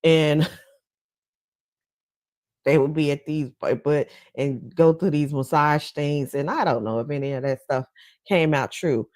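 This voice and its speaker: A woman's voice: low-pitched, slow, long pauses, darkish tone, dry recording. A woman hosting a livestream talk show, chatting casually and gossipily with her viewers and laughing between points. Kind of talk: casual commentary chat.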